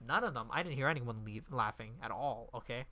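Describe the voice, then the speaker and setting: A man's voice: medium pitch, lively intonation, fairly quick, sharp tone. A man casually reviewing a movie in a profane, exasperated rant.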